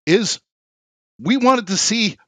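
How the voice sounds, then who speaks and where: A man's voice: fairly high pitch, sing-song, normal speed, a bit bright, no room sound. Teasing man hosting a podcast. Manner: crude teasing humor. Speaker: podcast host. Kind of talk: casual podcast chat.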